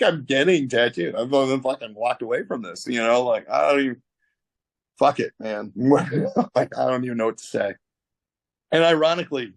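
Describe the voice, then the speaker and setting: A man's voice: mid-range voice, no room sound. A middle-aged man with a Canadian accent spins a vivid story over a video call, swearing freely and acting out every quote. His voice sounds dry and close, with no room around it. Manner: animated storyteller, swears a lot, acts out quotes. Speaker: tattoo artist guest.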